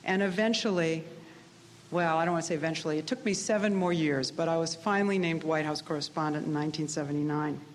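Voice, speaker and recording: A woman's voice: deep voice, quick pace, long reverb tail, slight background noise. A middle-aged woman giving a personal speech to graduates, telling her story in a candid, self-deprecating way. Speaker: speaker addressing graduates.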